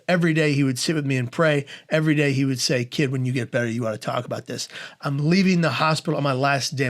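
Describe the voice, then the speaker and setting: Animated man telling stories, slightly high. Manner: animated, humorous storyteller who laughs through his anecdotes; acts out voices in his quoted dialogue. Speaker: guest speaker. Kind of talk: podcast interview storytelling.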